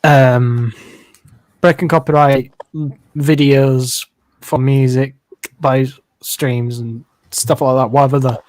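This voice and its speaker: A man and live streamer chatting casually, rambling with many fillers and pauses. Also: medium pitch, little pitch movement, a little mellow, no echo. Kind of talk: casual chat.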